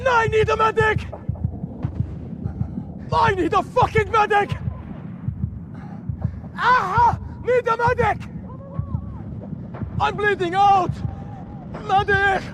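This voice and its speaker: An actor playing a wounded male soldier in a video game, frantically shouting and swearing for a medic in a goofy, dim-witted yell. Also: very high-pitched, fairly even intonation, takes it slowly, long pauses, background noise, exaggerated voice. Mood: panicked, shouting.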